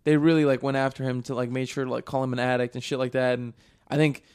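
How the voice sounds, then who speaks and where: A man's voice: medium pitch, little pitch movement, quick pace, a little mellow, smooth, dry recording. A man in casual chat with friends, rambling with many "like" fillers.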